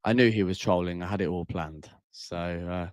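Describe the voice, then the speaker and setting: A man's voice: deep voice, moderate pace, darkish tone, no room sound, studio quality. A man hosting a casual call-in livestream, talking bluntly and tagging lines with bro and mate. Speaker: livestream host.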